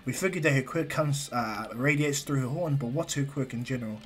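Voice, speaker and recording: A man's voice: medium pitch, a little fast, faint music behind, natural voice. A man doing an earnest teen boy hero. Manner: earnest, bursts into excited shouting.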